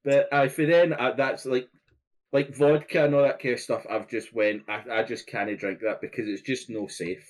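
A British man co-hosting a podcast, telling a halting, rambling story with lots of restarts. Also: mid-range voice, steady tone. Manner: rambling, halting, laughing anecdotes. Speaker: podcast co-host. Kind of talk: casual podcast chat.

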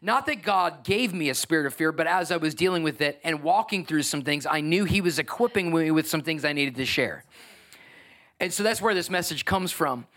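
High-pitched, bright-voiced male pastor preaching. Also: expressive, normal speed. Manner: emphatic, conversational preaching with swings from soft to loud. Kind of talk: sermon.

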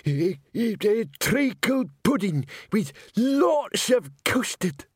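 A squeaky, high, bashful male opera singer put on by a man reading aloud, stammering and nervous. His voice jumps up and down, recorded close and dry. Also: big pitch swings, slow, breathy edge, no room sound, exaggerated voice. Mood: nervous, shy.

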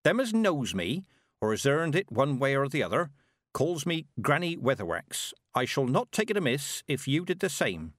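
A man's voice: medium pitch, big pitch swings, normal speed, no echo, studio quality, pitched above the performer's own voice. A man voicing a proud, stern old witch who speaks curtly and with command. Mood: gruff. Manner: curt, commanding.

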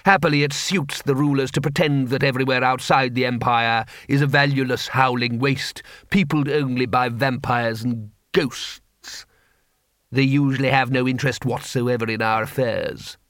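A man's voice: mid-range voice, steady tone, moderate pace, a bit bright, dry recording, clean studio sound, natural voice. A man voicing a cool, cunning city ruler who speaks in precise, dryly ironic sentences.

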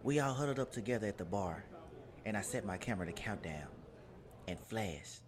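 Deep-voiced man narrating a story. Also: lively intonation, a crowd in the background. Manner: measured, journal-like reading. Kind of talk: scripted first-person storytelling.

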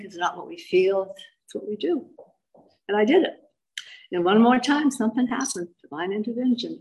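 An older woman speaks at a recovery meeting, giving her personal testimony. She tells it in a lively, animated way, repeating key phrases for weight. Her voice sits at an ordinary middle pitch. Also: rough recording.

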